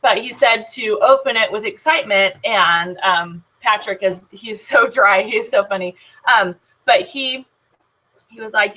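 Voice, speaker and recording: A woman's voice: medium pitch, normal speed, sharp tone, poor audio. A woman talking casually to her sales team, upbeat and chatty, with many filler ums and restarts. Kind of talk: casual team training talk.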